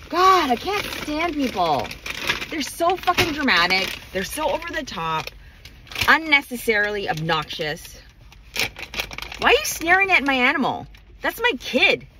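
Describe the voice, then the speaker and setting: A woman's voice: high-pitched, sing-song, measured pace, background noise. Furious swearing woman ranting. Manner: furious, profane, emphatic. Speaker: vlogger. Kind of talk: angry rant to camera.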